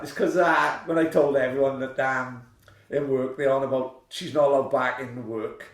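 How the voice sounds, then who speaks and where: A man's voice: mid-range voice, moderate pace. A man co-hosting a podcast, telling rambling, sweary comic stories in casual chat. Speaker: podcast co-host. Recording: roomy, off-mic sound.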